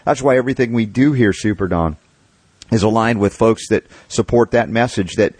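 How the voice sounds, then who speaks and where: A man's voice: fairly low pitch, normal speed, darkish tone, breathy edge, no room sound. A man hosting a radio talk show, speaking with emphatic enthusiasm. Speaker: radio host.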